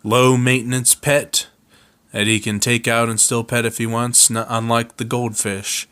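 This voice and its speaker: Slow, clear-voiced man, halting, clears throat a lot. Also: mid-range voice, flat delivery, a bit bright. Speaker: co-host storyteller. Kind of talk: improvised comic storytelling.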